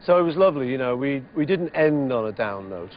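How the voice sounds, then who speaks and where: A man in his fifties answering interview questions in a relaxed, rambling way, with lots of "you know"s. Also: mid-range voice, a little fast, slight background noise. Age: 50s. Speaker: interviewee musician. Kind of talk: reflective interview chat. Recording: dull lo-fi TV interview audio.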